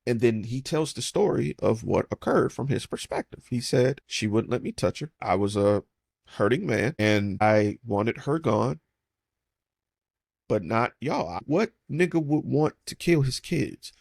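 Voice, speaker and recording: A man's voice: mid-range voice, lively intonation, unhurried, creaky, a little mellow, breathy edge, no echo, clean studio sound. A man casually retelling a film's plot and acting out the characters' lines. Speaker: movie recap host. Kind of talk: casual film breakdown.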